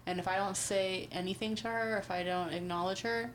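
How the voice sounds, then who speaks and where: A woman in casual conversation, relaxed and agreeable as she swaps stories. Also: mid-range voice, fairly quick, a little hiss or hum. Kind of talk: casual chat.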